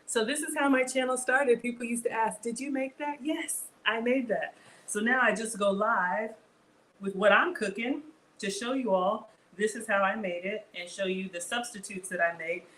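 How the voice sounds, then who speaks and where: A woman's voice: a little high, moderate pace, fairly bright tone, rough recording. Chatty middle-aged woman, live cooking host, faint background noise. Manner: chatty, greets viewers, laughs often. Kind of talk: casual live cooking chat.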